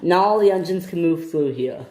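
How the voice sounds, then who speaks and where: The narrator of a homemade toy train story voicing a brisk, commanding male railway controller. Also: mid-range voice, animated, close to an everyday voice. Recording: echoey noisy home recording.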